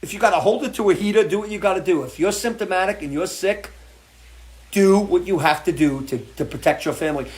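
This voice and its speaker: A middle-aged man hosts a live show from his porch, with a voice that sits slightly high. He talks bluntly and swears a lot. His emotional rant keeps pushing forward. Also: quick pace. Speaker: show host. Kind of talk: impassioned live-stream rant. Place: porch, outdoors.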